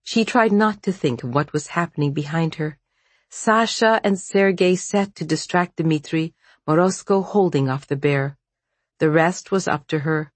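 An audiobook narrator with a slightly husky, breathy voice reads a dark fantasy story at an unhurried pace. The delivery stays measured and even. The recording is close and completely dry. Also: mid-range voice, dry recording. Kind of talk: scripted narration.

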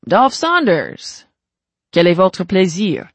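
A sly young gang boss in his twenties, as an audiobook narrator puts him on, smooth and mocking. His lines sit higher and louder than the narration, swinging lively up and down. There is a gravelly edge and a husky grain, close and dry. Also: moderate pace, no room sound, heavily acted. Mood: taunting. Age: 20s. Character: smooth, taunting young male Italian-born gang boss.

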